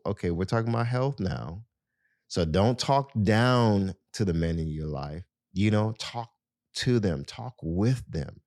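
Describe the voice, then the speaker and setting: A man's voice: sits low, animated, measured pace, darkish tone, no room sound, clean studio sound. A man hosting a podcast, giving casual advice in a conversational way and speaking straight to his listeners, with lots of "you know" fillers. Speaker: podcast host.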